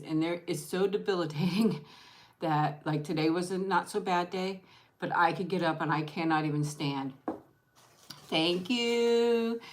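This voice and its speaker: Low-voiced woman chatting with her viewers. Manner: rambling, restarts sentences and thanks viewers by name. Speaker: vlogger hosting an eat-with-me stream. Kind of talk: casual livestream chat.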